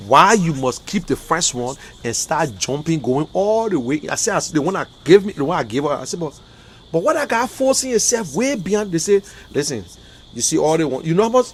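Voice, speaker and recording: A man with a Liberian English accent, talking on a political livestream, emphatic and repetitive, swinging from low muttering to loud outbursts. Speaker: livestream commentator. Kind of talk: impassioned political livestream rant.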